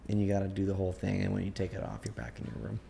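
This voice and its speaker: A man's voice: low-pitched, little pitch movement, rapid-fire, creaky, mellow, a little hiss or hum. A man hosting a podcast, chatting casually and thinking aloud with lots of fillers. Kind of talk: casual chat.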